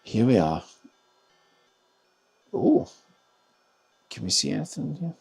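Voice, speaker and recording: A man's voice: mid-range voice, very animated, slow, creaky, a little mellow, slightly rough, faint music behind. Man muttering through a game stream. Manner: self-mocking, muttering to himself. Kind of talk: gaming live stream commentary.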